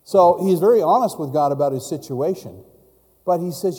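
A man's voice: on the high side, animated, normal speed, warm tone, husky, in a large hall. A man preaching a sermon in a storytelling way, putting questions to his listeners. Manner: storytelling, asks the congregation questions.

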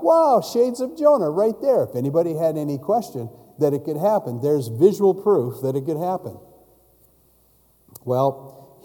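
A man's voice: fairly high pitch, dark tone, big-room sound. A man preaching a sermon in a storytelling way, putting questions to his listeners. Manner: storytelling, asks the congregation questions.

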